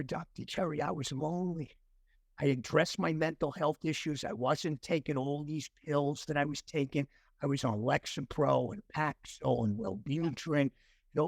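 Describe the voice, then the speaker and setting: Older male guest in his 60s, animated storyteller, a touch high-pitched, dry close sound; earnest. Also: dry recording. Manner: animated storyteller acting out dialogue; earnest, emotional at times. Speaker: interview guest. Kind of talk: personal recovery story.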